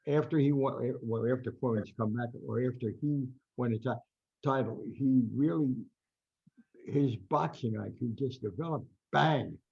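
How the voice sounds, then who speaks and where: An older man with a New Jersey accent rambles through anecdote after anecdote and acts out what people said. His voice is gravelly and husky. The audio is dull and lo-fi. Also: medium pitch, darkish tone. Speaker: guest boxing writer. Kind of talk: storytelling interview.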